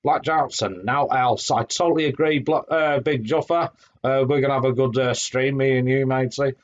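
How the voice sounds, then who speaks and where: A middle-aged man hosts a casual live stream, gushing and rambling with plenty of ums and restarts. His voice sits at an ordinary pitch. It comes through a home mic that sounds a little dull and lo-fi. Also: steady tone, moderate pace. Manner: chatty, effusive, lots of fillers and restarts. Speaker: streamer host. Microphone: home streaming microphone.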